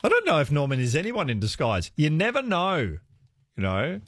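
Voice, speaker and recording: A man's voice: on the high side, huge pitch swings, normal speed, fairly bright tone, dry recording, clean studio sound. A man hosting a talkback radio show, laughing often and reassuring callers. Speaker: radio host. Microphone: studio microphone.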